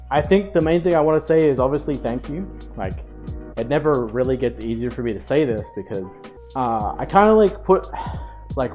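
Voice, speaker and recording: A young man streaming, telling a story to his chat in a casual, animated way, swearing and laughing. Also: a little high.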